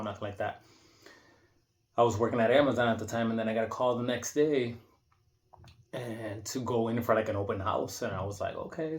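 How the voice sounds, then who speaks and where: A man in his thirties talking casually and reflectively in an unscripted monologue, rambling with many restarts and fillers. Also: medium pitch. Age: 30s. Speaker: vlogger. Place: indoor room.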